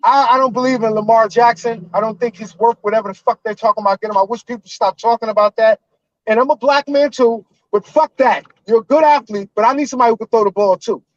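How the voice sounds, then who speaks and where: Man in his 40s, very high voice, loud emotional profane rant, dry muffled call audio. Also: fast, dry recording. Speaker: caller. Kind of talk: heated fan rant on a live call-in show.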